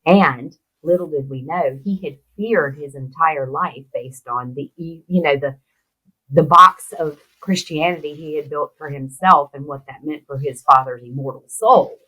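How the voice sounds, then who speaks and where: A middle-aged American woman, an interview guest, telling a personal story in a lively way and acting out the voices of the people in it. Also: low-pitched, unhurried, breathy edge, poor audio. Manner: animated storyteller who acts out quoted voices. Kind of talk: storytelling in conversation.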